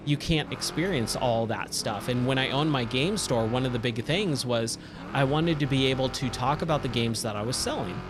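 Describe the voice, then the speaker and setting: A man in his forties chatting casually while streaming a racing game, rambling with many fillers, his voice a little worn. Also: mid-range voice. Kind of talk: casual live-stream commentary.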